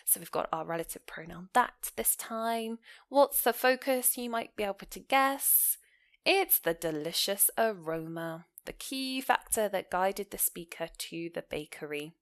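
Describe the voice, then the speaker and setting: Woman teacher, clear explanatory delivery, walks through grammar examples and quizzes the listener. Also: mid-range voice, expressive, a little slow. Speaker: English teacher. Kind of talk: online grammar lesson.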